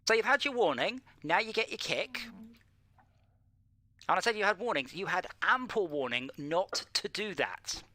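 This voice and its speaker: A British man hosting a live sim-racing stream, chatting casually and bursting into loud shouts at other drivers. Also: high-pitched, lively intonation, normal speed. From Britain. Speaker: stream host and server admin.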